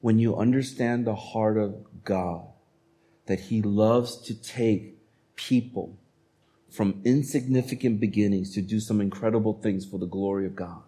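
A male pastor delivers a sermon with a mellow, warm tone. His delivery is conversational and animated, and he slips into little acted-out voices when quoting people. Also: fairly low pitch, measured pace.

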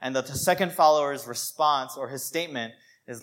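A man preaching a sermon in a conversational, animated way, full of "you know" and "like". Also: mid-range voice, normal speed.

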